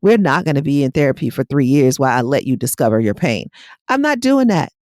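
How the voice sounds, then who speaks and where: A woman's voice: extremely low pitch, sing-song, fairly quick, a little mellow, dry recording, clean studio sound. A middle-aged woman hypnotherapist giving a casual, blunt and direct motivational talk on her podcast.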